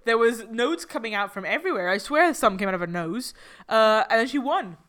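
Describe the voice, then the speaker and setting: A woman co-hosting a casual podcast chat, self-deprecating and giggly, telling family stories with lively exaggeration. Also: a little high, a little fast. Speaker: podcast co-host.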